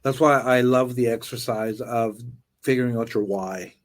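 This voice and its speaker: A man's voice: medium pitch, moderate pace. A man hosting a podcast, chatting in an affirming, reflective way with frequent ums and restarts. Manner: affirming, reflective, hesitant with fillers. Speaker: podcast host. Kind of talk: casual interview chat.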